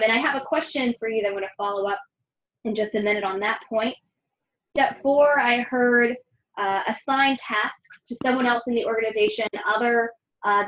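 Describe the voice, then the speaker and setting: A woman's voice: on the high side, fairly bright tone. A woman moderating a webinar, summarizing points in a hesitant way with many fillers. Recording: dull lo-fi audio with faint noise.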